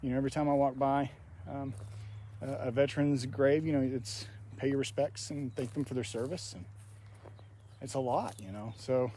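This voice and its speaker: A man hosting a paranormal vlog, talking softly and reverently as he walks outdoors. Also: mid-range voice, fairly even intonation, moderate pace. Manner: soft-spoken, reverent, reads names aloud. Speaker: paranormal investigator host. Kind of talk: casual walking vlog narration. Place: outdoor cemetery. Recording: faint outdoor noise.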